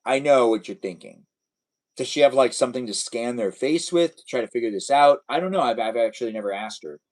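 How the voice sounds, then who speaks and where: A man's voice: mid-range voice, lively intonation, a little fast, darkish tone, poor audio. A young man hosting a casual live stream, chatting playfully and answering viewers' comments.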